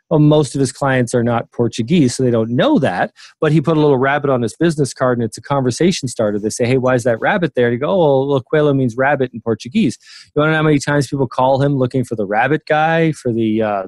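A man in his sixties chats loosely as an interview guest, trailing off and restarting often. His voice sits at an ordinary pitch and sounds dry and close. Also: no echo. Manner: rambling, many fillers and restarts. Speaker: memory expert guest. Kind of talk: casual interview talk.

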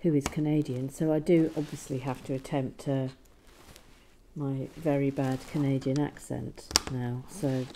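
A woman's voice: extremely low pitch, steady tone, unhurried, noisy background. A woman hosting a building-toy vlog, chatting casually and rambling with many fillers while she builds. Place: cold room at home.

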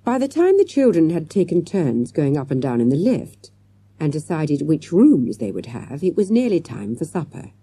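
A woman with a very dark, husky voice reads a storybook aloud. Her pitch sits low but moves a lot, and the recording is close and dry. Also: sing-song, moderate pace, no echo. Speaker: audiobook narrator. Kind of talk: storybook narration.

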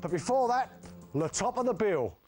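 Brief: jokey male TV host, high-pitched, bantering over loud background music. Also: big pitch swings, normal speed. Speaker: TV game show host. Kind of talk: live TV presenting over music.

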